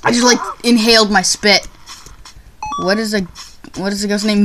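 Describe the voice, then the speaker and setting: A young woman commenting on her own gameplay, excitable and quick to yelp and shriek when things go wrong. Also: mid-range voice, a little hiss or hum. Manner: excitable, yelps and shrieks at failures. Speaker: gaming YouTuber.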